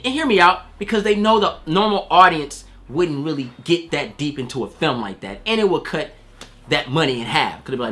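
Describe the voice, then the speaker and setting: Animated, slangy man reviewing a movie. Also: on the high side. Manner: acts out quoted voices. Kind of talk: casual spoiler review.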